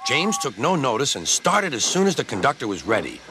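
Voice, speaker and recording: A man narrating a children's storybook in a lively, expressive way, with music behind. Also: medium pitch, a little fast. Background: background music.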